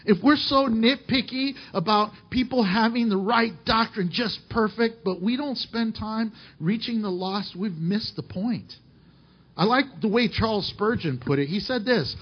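Husky, high-voiced pastor preaching. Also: male voice, unhurried, muffled recording. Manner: emphatic preaching with rhetorical questions to the congregation. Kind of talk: sermon.

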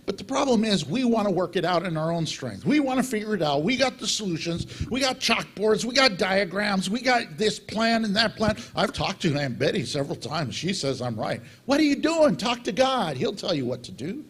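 A middle-aged male pastor preaching with a husky edge to his voice. He pitches up fairly high and swings his pitch all over the place as he acts out little exchanges with God. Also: normal speed, few pauses. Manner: animated preaching, acting out dialogue with God. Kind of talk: sermon.

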